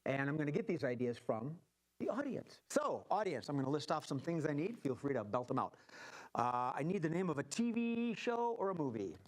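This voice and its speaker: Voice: medium pitch, sing-song, a little fast, low-quality recording. The host of an improv game, calling out prompts and directing the players in an upbeat way.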